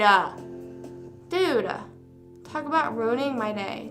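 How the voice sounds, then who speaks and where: Chatty streamer girl, highish voice, rambles and swears, faint music behind. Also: steady tone, unhurried. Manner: rambling, venting, swears casually. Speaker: live streamer. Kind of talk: casual livestream chat.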